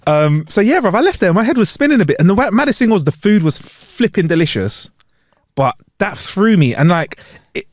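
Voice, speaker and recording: A man's voice: high voice, brisk, no echo, clean studio sound. A man co-hosting a podcast in casual chat, acting out dialogue as he tells stories and laughing often. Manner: animated storytelling, acts out dialogue, laughs often. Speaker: podcast co-host.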